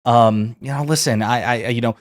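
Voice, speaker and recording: A man putting on a mocking impression of a flustered male official who stammers and whines higher and higher. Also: normal speed, lightly acted. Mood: mocking panic. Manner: stammering, voice climbing into a high whine.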